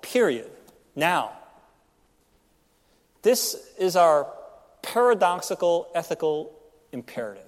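A man delivers a sermon in a slightly raised voice with a very animated, swooping pitch. He teaches conversationally, punching key words with emphatic rises. The sound carries the long reverb of a large hall. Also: normal speed, long pauses. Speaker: pastor.

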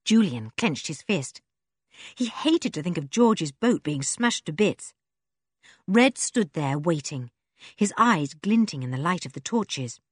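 Casting: expressive audiobook narrator, woman, husky, low, dry studio sound. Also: a little slow, no echo. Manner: expressive storytelling.

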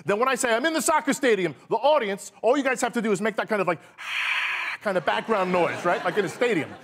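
A man, a cameraman on a talk show, doing a comedy bit in a deadpan yet eager way while giving bossy instructions. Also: high voice, fast talker, background noise. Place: TV studio stage. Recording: live studio audience behind.

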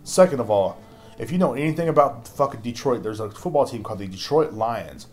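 A man's voice: medium pitch, animated, fairly quick, a little mellow, soft background music. A young man hosting a podcast at home, ranting in a crude, exasperated way and swearing constantly. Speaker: podcast host. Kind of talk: profane ranting monologue. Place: at home, drinking beer.

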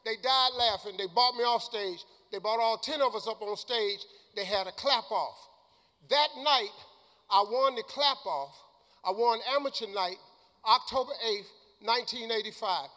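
Man, older, motivational speech, colloquial, emphatic, sharp bright tone, long hall echo. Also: sits high, normal speed. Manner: colloquial, emphatic, rises to shouts. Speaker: motivational speaker.

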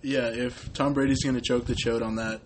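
A man's voice: medium pitch, little pitch movement, fairly quick, a little hiss or hum. A man co-hosting a casual sports podcast, blunt and opinionated, laughing easily. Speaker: podcast co-host.

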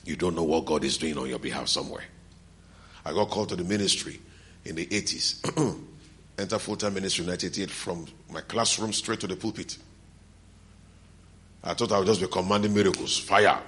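A man's voice: low voice, fairly quick, pauses often, fairly bright tone. A middle-aged man preaching a sermon as a pastor, telling stories and acting out the dialogue of the people in them. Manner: storytelling preacher, acting out dialogue, laughing between lines.

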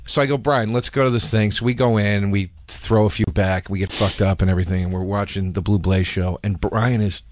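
Casual swearing podcast host, dry mic. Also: male voice, lowish voice, a little fast, few pauses, no room sound. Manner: swearing, storytelling, animated quoting. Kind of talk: casual chat.

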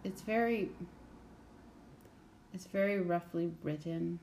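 A woman's voice: lowish voice, takes it slowly, darkish tone, slight background noise. A young woman hosting a casual book review chat, blunt and chatty, full of fillers and asides. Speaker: book podcast host.

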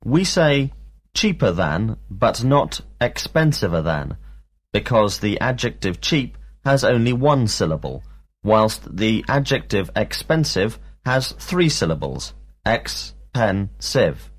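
A man teaching a scripted drill lesson, speaking slowly and pronouncing each word with care. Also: fairly low pitch, big pitch swings, breathy edge. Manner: slow, deliberate, enunciating each word. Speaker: language teacher.

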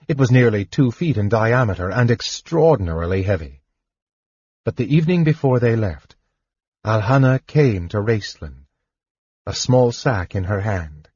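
A man narrating a fantasy audiobook in a measured, even way. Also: lowish voice, husky, no room sound, highs cut off. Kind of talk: scripted narration.

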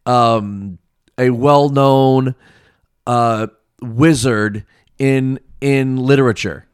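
A podcast host running a word-puzzle game, teasing the co-host, laughing often and reading clues deadpan. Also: mid-range voice, drawn-out words, clean tone, dry recording, studio quality. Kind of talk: casual podcast chat.

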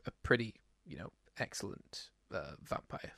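A man's voice: lowish voice, lively intonation, normal speed, gravelly, sharp tone, dry recording, studio quality. A man co-hosting a casual podcast, rambling and self-deprecating, with lots of fillers. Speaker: podcast co-host. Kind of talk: casual chat.

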